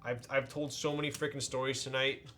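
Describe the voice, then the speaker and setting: A man's voice: mid-range voice, flat delivery, brisk, sharp tone, a little hiss or hum. A man chatting casually with his live-stream audience while he builds a keyboard, greeting viewers in a laid-back way.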